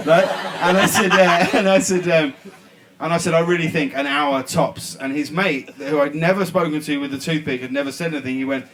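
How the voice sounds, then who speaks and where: This is a man with a somewhat raised pitch, speaking as a guest on a live panel. He tells his story with gusto and slips into voices for the people in it. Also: brisk, fairly bright tone. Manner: storytelling, mimics others, laughs along. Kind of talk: animated anecdote with acted-out voices. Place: live stage event with an audience.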